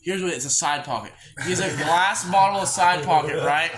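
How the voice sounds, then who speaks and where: High-voiced young man telling a rambling, profane story. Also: a little fast, crowd noise, rough recording. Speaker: podcast host. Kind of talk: casual storytelling chat.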